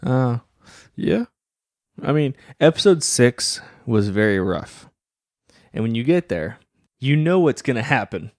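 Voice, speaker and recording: Deadpan teasing man. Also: medium pitch, unhurried, pauses often, no room sound, clean studio sound. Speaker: podcast co-host. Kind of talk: casual chat.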